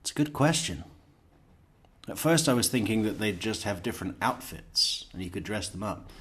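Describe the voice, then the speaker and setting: Blunt sarcastic male commentator, lowish voice. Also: lively intonation, normal speed, a bit bright. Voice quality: blunt, sarcastic, acts out mocking impressions. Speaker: true crime commentator. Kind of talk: video commentary on an interrogation.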